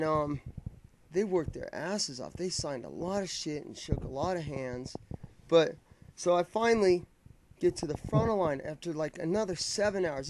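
Over a noisy background, a man with a voice on the high side vlogs a long fan story. He rambles, curses a lot and keeps starting his sentences over.

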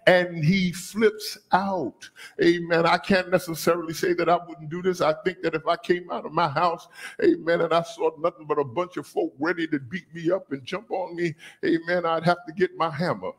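A man preaching a sermon as bishop, calling on the congregation to repeat after him and rising to shouts. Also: fairly high pitch, steady tone, normal speed, breathy edge. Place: church sanctuary.

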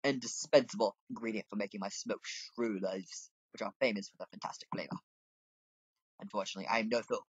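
A man's voice: lowish voice, husky, dry recording. A man doing a pompous fussy cook. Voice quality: theatrical, grandiose phrasing. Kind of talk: reading game dialogue aloud. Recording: dull lo-fi home mic.

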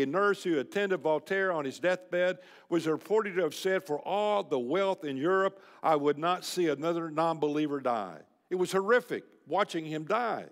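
An older man with a drawl delivers a blunt, folksy sermon to a room of men. His voice sits a little high for a man, and it rings out with a long echo in a large hall. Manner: folksy, blunt, emphatic preaching. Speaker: speaker at a men's luncheon. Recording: reverberant hall.

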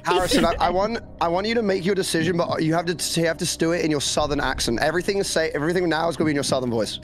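A man's voice: a little high, racing, a little hiss or hum. A man in a casual group call, teasing friends and acting mock-offended.

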